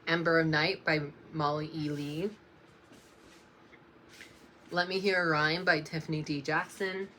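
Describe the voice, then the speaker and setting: A young book vlogger with a low yet bright, clear voice reads slowly through her reading list in a casual vlog, her intonation fairly even. Every so often she stops to apologize with a soft laugh. A faint room hum sits behind her.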